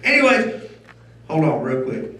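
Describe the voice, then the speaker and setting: A middle-aged man doing a loud, crude, crowd-baiting stand-up comedy set on a club stage. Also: fairly high pitch, huge pitch swings, measured pace. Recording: roomy club sound from a distance.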